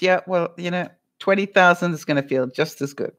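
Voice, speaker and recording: Brisk and on the low side, a middle-aged woman's voice carries a rambling, casual live stream chat with her viewers. She reads their comments, laughs frequently, and leans heavily on fillers.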